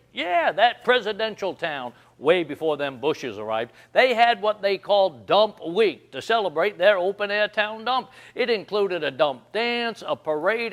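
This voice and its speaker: A man's voice: high-pitched, a bit bright. A man, hosting a comic segment and telling down-home stories, chuckling often. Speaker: host of a humor segment. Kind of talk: folksy comic monologue.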